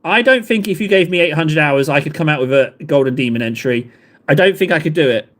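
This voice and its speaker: A man's voice: fairly high pitch, lively intonation, brisk, a bit bright. A man, chatting casually with live viewers in a rambling, self-deprecating way. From England. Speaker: livestream host.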